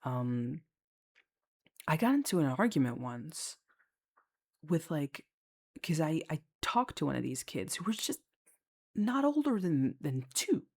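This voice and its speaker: A woman's voice: low voice, big pitch swings, slow pace, long pauses, darkish tone. A woman who works as a lifeguard, chatting casually and candidly about her job, swearing freely and filling her talk with fillers. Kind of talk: casual storytelling chat.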